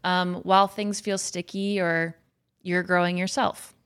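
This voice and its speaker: A woman's voice: fairly low pitch, flat delivery, a little slow, fairly bright tone, smooth. A woman co-hosting a podcast, chatting casually in a bubbly, enthusiastic way. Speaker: podcast co-host.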